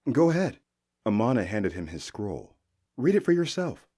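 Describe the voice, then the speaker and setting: A man narrating a fantasy audiobook with expressive storytelling. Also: lowish voice, slightly rough.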